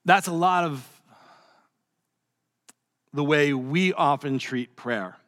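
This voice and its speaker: A man preaching a sermon as pastor, telling a story in a lively, conversational way. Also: a little high, slow pace, long reverb tail.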